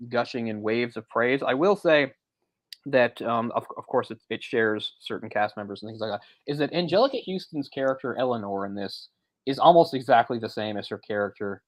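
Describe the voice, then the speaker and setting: A man's voice: mid-range voice, no echo, rough recording. A man co-hosting a movie discussion podcast, talking in a rambling, self-correcting way with frequent chuckles. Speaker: podcast co-host.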